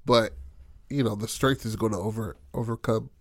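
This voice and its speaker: Here a fairly low-voiced man talks at a moderate pace, with no room sound in the recording. He's telling the story of a tabletop game session in a profane, animated style, voicing the characters' lines himself.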